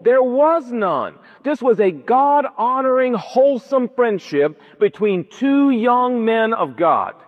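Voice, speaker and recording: A male preacher delivers an emphatic, storytelling sermon full of rhetorical questions, his voice sitting high. He is heard in a church hall, and the recording is dull with a long hall reverb. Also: very animated, takes it slowly, few pauses. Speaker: pastor.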